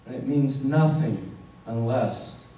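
A man's voice: mid-range voice, takes it slowly, dark tone, slight background noise. A male pastor preaching a sermon, earnest and questioning his listeners directly, leaning hard on key words. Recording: echoey room, voice from far off.

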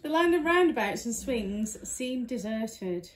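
A woman's voice: a little high, animated, a little slow, roomy sound. Amused older woman reading a storybook. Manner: amused, teasing, often laughing. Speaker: storybook reader. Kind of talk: reading aloud a children's book.

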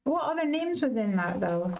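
A woman's voice: fairly high pitch, big pitch swings, moderate pace, gravelly, darkish tone, dull audio. A woman co-hosting a live crafting stream, chatting casually and joking as she works. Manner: chatty, jokey, laughs often.

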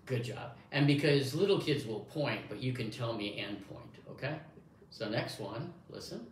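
A man's voice: medium pitch, animated, moderate pace. A man running a hearing test demonstration, speaking to the listener in an encouraging way, as if to a young child. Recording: echoey room, faint background noise.

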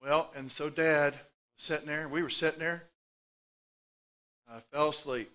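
This sermon comes from a middle-aged pastor whose voice is a little high and whose pace is measured. He tells stories, swinging animatedly from loud outbursts to hushed asides.

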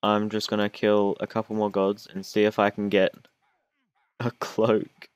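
A man's voice: lowish voice, monotone, a little slow, smooth, no echo. A young man, chatting and joking through his own gameplay recording, whining and self-mocking as he goes. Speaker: gaming YouTuber. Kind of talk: casual gameplay commentary.

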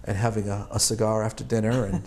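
A man's voice: fairly low pitch, flat delivery, fast talker, a little mellow. A man in his sixties from Boston, an Army veteran recalling his service in an oral history interview, rambling and chuckling with many fillers and restarts. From Boston, United States.

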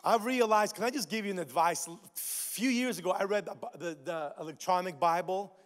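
A man preaching a sermon as pastor, lively and casual, full of asides and repeated phrases. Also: sits high, brisk, big-room sound. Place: large church hall.

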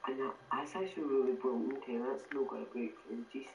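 A man's voice: mid-range voice, a little fast, gravelly, slight background noise, low-quality recording. Laid-back man giving game tips. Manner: relaxed, offers game tips. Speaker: co-player. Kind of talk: casual gameplay chat.

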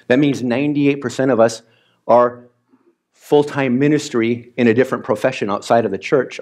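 Animated Midwestern pastor preaching. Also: male voice, medium pitch. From Wisconsin, US. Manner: chatty and animated, acts out his own reactions. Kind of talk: sermon. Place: church sanctuary.

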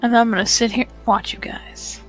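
A woman's voice: a little high, little pitch movement, moderate pace, faint music behind. A woman on a live gaming stream who chimes in, reads out donation messages and giggles. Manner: giggly, chiming in. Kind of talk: casual live-stream chat.

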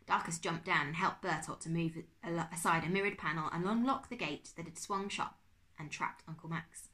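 A woman teacher reading a chapter book aloud to her class, expressive and dropping to a whisper at tense moments. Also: low-pitched, a little fast. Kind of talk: storybook read-aloud.

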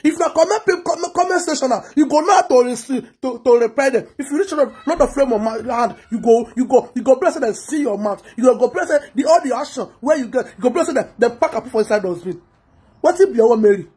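A woman's voice: high-pitched, animated, fast, dark tone, slightly rough. A Nigerian woman blogger giving a heated, scolding commentary, repeating herself as she rants. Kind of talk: ranting commentary vlog.

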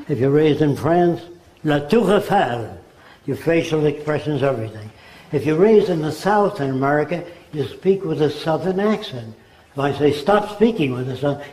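A man's voice: fairly high pitch, dark tone. Older man lecturing emphatically. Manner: emphatic, slips into mimicked voices. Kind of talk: spoken lecture. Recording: roomy echo.

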